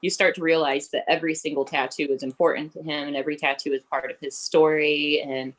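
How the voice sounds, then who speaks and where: A woman's voice: low voice, fast, poor audio. A woman co-hosting a podcast, talking casually with lots of likes and fillers. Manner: relaxed, many likes and fillers. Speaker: podcast co-host, tattoo artist.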